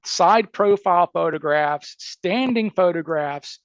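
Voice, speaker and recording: A criminal defense attorney with a Southern accent lays out a case emphatically during a podcast interview, checking in with "okay?" and "right?" as he goes. His voice is high-pitched and slow, and the sound is lo-fi with no echo.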